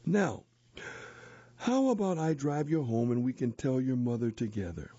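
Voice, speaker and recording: A man voicing a kind, gentle wealthy woman who speaks softly, in a read-aloud story. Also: mid-range voice, animated, normal speed, breathy edge, no echo, dull audio. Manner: gentle, soft-spoken.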